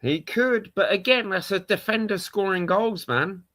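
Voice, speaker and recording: A man's voice: high-pitched, a little slow, a bit bright, no echo. A man with a London accent ranting on a casual livestream, exasperated and repetitive, swearing often. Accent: London English. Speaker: live streamer, football fan.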